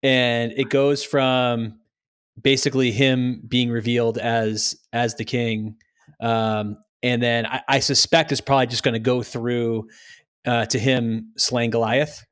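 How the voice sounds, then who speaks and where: A man co-hosts a relaxed podcast conversation with a mid-range voice. He talks haltingly and often stops to search for his words. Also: mid-range voice, clear, resonant tone. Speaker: podcast co-host. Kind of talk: casual podcast chat.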